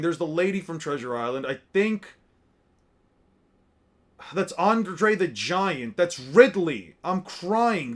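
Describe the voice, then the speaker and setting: A man with a slightly high voice talks loosely and profanely. He rambles and mutters names to himself as he reacts, in an offhand, unscripted way. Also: fairly bright tone. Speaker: streamer reacting to artwork. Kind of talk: casual commentary.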